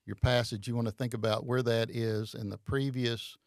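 A man explaining a Bible study method in casual chat, halting and hesitant with many fillers. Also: mid-range voice, flat delivery, no room sound.

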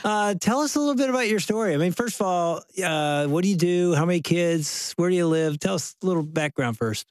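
A man's voice: sits high, lively intonation, fairly quick, hardly any pauses, clean tone, no room sound. A man in his sixties co-hosting a radio talk show, interviewing guests in an enthusiastic, conversational way. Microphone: studio microphone.

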